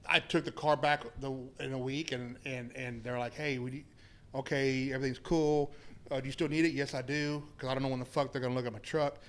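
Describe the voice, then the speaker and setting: A man's voice: mid-range voice, steady tone, a little fast. A man telling a rambling, profane story in casual podcast chat. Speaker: podcast guest.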